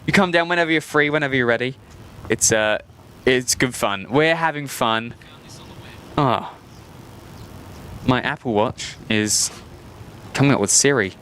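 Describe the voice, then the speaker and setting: A man's voice: mid-range voice, unhurried, pauses often, bright, forceful tone, a little hiss or hum. An Australian man hosting a live stream outdoors, chatting casually, rambling and joking at his own expense. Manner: rambling and self-mocking, often laughing. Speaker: host of a live plane-spotting stream. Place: outdoors at an airport.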